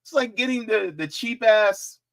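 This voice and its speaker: A man hosting casual political commentary in an animated, joking way, with chatty asides. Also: sits high, a little slow.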